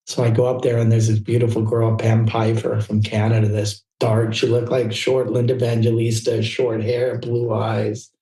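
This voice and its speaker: Older male guest, mellow, animated storyteller; roomy room, distant mic. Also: normal speed, few pauses. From California. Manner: animated anecdotes, acts out quoted people in a higher voice. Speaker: guest, fashion photographer. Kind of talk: casual storytelling interview.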